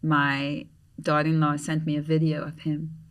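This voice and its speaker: A middle-aged woman from Grenada with a Grenadian accent, a podcast guest telling a story in an animated way and acting out the voices she quotes. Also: low voice, normal speed, recorded from a distance. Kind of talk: storytelling in conversation.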